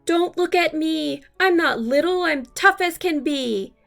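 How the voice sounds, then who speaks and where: A woman's voice: on the high side, lively intonation, slow pace, gravelly, a bit bright, heavily acted. A woman reading a storybook, voicing a grumpy, huffy male buffalo with blustery declarations. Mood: defiant.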